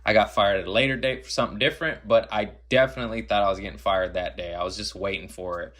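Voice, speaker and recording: Bright-voiced man telling profane stories. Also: fairly low pitch, fast talker. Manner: profane, animated storytelling. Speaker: guest comedian. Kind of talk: casual podcast chat.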